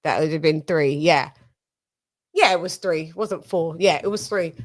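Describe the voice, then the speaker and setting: A woman's voice: sits low, normal speed. Chatty British woman spinning stories. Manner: rambling, swearing family anecdotes. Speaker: live stream host. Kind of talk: casual chat.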